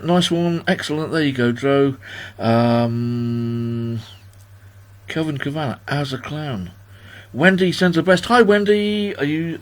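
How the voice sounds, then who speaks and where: A man in his sixties hosting a livestream party from home, chatting in a rambling, self-deprecating way as he reads out viewers' comments. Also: medium pitch. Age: 60s. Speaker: host of a livestream birthday party. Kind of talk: casual chat.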